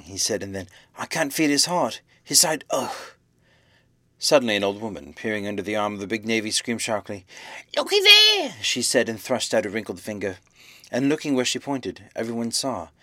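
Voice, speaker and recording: A man giving a measured, expressive audiobook reading of a classic novel. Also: medium pitch, dry recording. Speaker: audiobook reader. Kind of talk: scripted narration of a classic novel.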